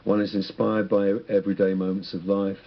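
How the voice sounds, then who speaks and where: A man's voice: low-pitched, flat delivery, fairly quick, lo-fi sound. A man guest on a radio interview, speaking in a rambling, reflective way with many restarts. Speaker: musician guest.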